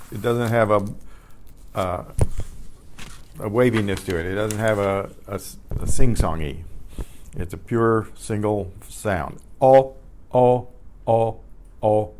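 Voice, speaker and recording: An older man teaching a beginners' Spanish class, patiently repeating each word several times with clear emphasis. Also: fairly low pitch, measured pace, a little hiss or hum. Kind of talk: slow beginner language lesson. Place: community center class for seniors.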